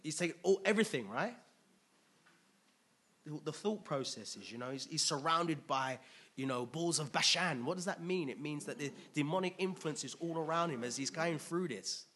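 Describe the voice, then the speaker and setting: Male preacher, husky and a touch high, chatty and animated delivery. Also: moderate pace. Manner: conversational, animated, laughs often, many restarts. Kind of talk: expository sermon.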